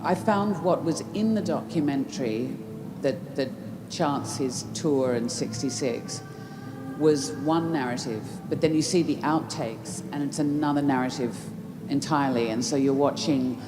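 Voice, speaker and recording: A woman's voice: a bass voice, unhurried, music in the background. A woman answering audience questions at a festival Q&A, reflective, often restarting mid-thought. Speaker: festival Q&A guest. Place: large festival tent. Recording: roomy festival tent with background noise.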